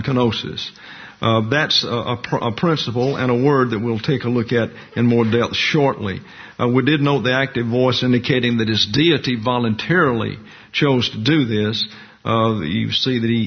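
A man teaching a Bible study lecture, explaining doctrine slowly and carefully and walking through Greek terms and a diagram. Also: mid-range voice, slightly rough. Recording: muffled lo-fi recording.

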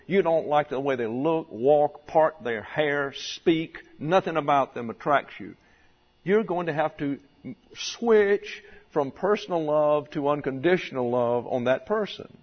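A man preaching a sermon, teaching slowly and deliberately, with measured emphasis on key words. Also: a little high. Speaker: pastor. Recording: dull lo-fi sound in a long-reverb hall.

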